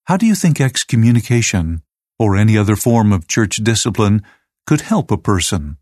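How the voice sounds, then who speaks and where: A man reading aloud a teacher's lesson manual in a measured, even, scripted way. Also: on the low side, no room sound, clean studio sound.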